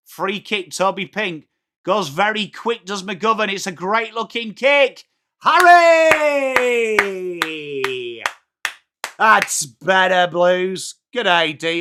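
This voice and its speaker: Excitable English man calling the footy. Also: high-pitched. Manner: swears, jokes, shouts at big moments. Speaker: live match watchalong commentator. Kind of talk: excitable live commentary.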